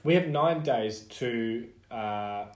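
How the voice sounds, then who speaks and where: A man's voice: mid-range voice, slow, roomy sound. Laughing Australian podcast co-host, man. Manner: playful, laughs often, riffs on silly ideas. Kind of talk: casual chat.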